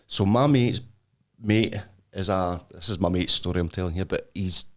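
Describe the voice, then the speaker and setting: Animated Scottish man telling stories. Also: moderate pace. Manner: animated storyteller, voice jumps up high when excited. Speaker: podcast co-host. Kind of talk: casual chat, storytelling. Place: podcast studio.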